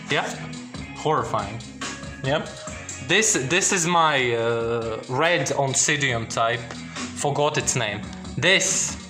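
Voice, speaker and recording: A young man showing his orchids at home in a casual vlog, rambling with restarts and asking "yeah?" often. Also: medium pitch. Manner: rambling, many restarts and tag questions. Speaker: orchid hobbyist vlogger. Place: indoors at home among plants and boxes.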